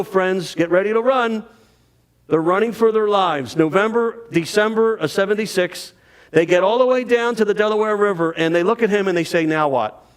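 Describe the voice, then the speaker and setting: A man giving a dramatic, animated storytelling talk on history to an audience. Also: sits high. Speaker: history speaker.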